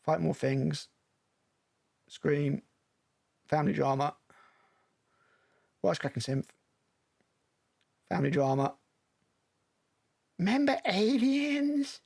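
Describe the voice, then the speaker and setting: A man's voice: on the high side, fairly even intonation, takes it slowly, vocal fry, pauses often, a little mellow. A male film critic giving blunt, sarcastic, profane commentary while reacting to a movie trailer.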